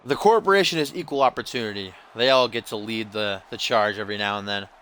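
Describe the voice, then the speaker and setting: A man's voice: lowish voice, quick pace, sharp tone, clean tone. A man doing casual play-by-play commentary over a wrestling video game, rambling and joking as he goes. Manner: joking, rambling, playful asides.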